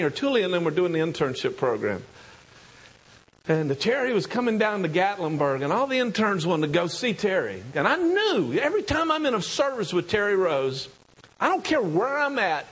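Husky, animated preacher man. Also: poor audio. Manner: animated storytelling, swooping from high excited bursts to low hushed tones. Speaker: pastor. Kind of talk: sermon.

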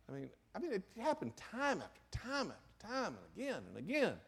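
An older man preaching a sermon in earnest, moving between loud emphasis and hushed, emotional asides. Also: sits high, huge pitch swings, brisk, gravelly, few pauses, slightly rough. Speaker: pastor.

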